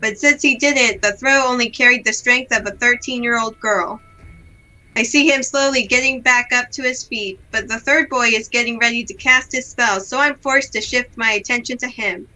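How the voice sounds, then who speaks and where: Young woman reading a story game out loud, super bright voice, kinda high, giggly. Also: normal speed, poor audio. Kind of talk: reading game text with casual chat. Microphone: online call setup.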